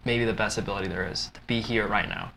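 A young man hosts a podcast in relaxed, rambling talk that leans heavily on "like" as he retells a story. His voice is bright and forward, with a faint background hiss on the recording. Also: on the low side, fast talker, vocal fry. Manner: loose and rambling, heavy use of "like". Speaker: podcast host. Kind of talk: casual chat, retelling a film plot.

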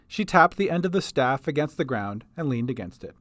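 A man narrating his homemade audio story, lively and scripted. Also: medium pitch, brisk, few pauses, dry recording. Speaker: podcast storyteller. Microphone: home recording setup.

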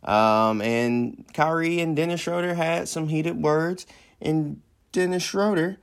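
A man's voice: a little high, unhurried, clean tone. A man hosting a podcast in casual comedic commentary, joking and rambling with slangy asides. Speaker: podcast host.

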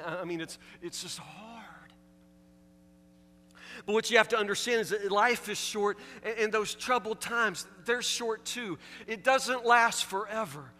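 A man's voice: sits high, normal speed, bright, forceful tone, in a large hall. A man preaching a sermon, pressing the congregation with emphatic, repeated rhetorical questions. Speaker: pastor.

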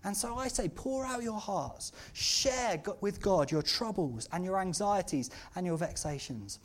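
A preacher delivers a Christmas-season sermon to a church congregation. The delivery is earnest and heartfelt. At its peaks it swells into loud, impassioned outcries. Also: mid-range voice, animated, measured pace.

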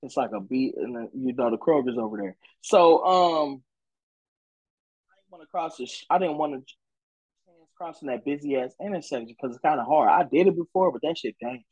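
A young man co-hosting a podcast tells a long story in loose, profane chat. His voice sits a little high and swings widely, jumping up when he acts out what people said. The sound is close and dry, with no room around it. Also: a little fast, husky, no echo, rough recording. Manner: animated, profane, acts out quotes in a higher voice. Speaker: podcast co-host.

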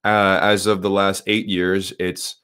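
A man in his thirties in casual conversation, laid-back and halting, swearing often. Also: deep voice, little pitch movement, fairly bright tone, smooth.

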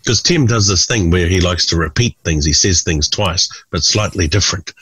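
A man's voice: deep voice, normal speed, slightly rough, no echo, poor audio. A man in his forties, a podcast guest telling funny anecdotes and acting out the people in them. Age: 40s. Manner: animated storyteller who mimics people in raised voices. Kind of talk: storytelling anecdotes.

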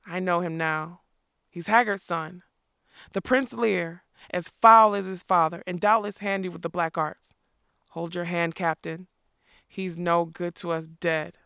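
A woman's voice: lowish voice, steady tone, unhurried, gravelly, fairly bright tone, smooth, no echo, clean studio sound. Woman doing a growling rustic outlaw. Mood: gruff. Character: gruff shrewd old outlaw, a man. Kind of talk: audiobook character voice.

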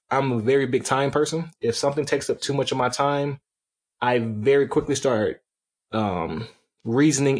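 A young man co-hosting a podcast, talking candidly in a measured way with frequent restarts. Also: mid-range voice, slightly rough. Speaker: podcast co-host. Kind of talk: casual chat.

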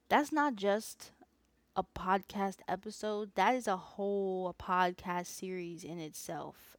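A medium-pitched woman hosts an unscripted solo podcast, chatting in a rambling, self-aware manner with frequent asides and restarts. There's no echo on the recording.

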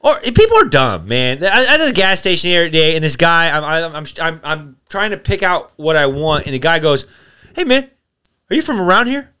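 A man's voice: a little high, a little fast, hardly any pauses, smooth. A man co-hosting a casual podcast, teasing and swearing as he tells stories. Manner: teasing, profane, lively storytelling. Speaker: podcast co-host. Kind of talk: casual profane banter.

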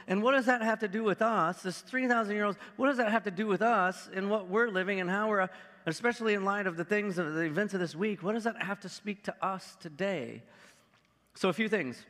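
A man's voice: high-pitched, normal speed, sharp tone, big-room sound. A man, a pastor with kids, giving a casual sermon and reading scripture aloud, talking loosely with lots of "like" fillers. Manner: conversational, many "like" fillers.

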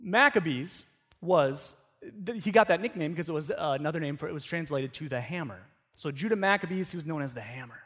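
A man with a high-pitched voice gives a sermon. He preaches like he is chatting, retelling a story with frequent restarts and repeated words. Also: expressive, a little fast, fairly bright tone, slightly rough. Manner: conversational storytelling with many restarts. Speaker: pastor.

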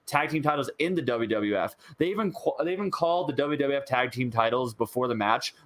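Male podcast co-host, exasperated and ranting, average pitch, casual. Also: fairly bright tone. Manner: exasperated ranting, fast complaints. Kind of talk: casual wrestling review chat.

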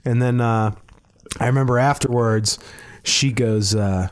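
A man's voice: mid-range voice, a little slow. A man in casual talk, telling a long story with stammered restarts, frequent swearing and chuckles between phrases. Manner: rambling, profane, stammering restarts, laughs mid-sentence. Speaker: comedian telling a story on a podcast.

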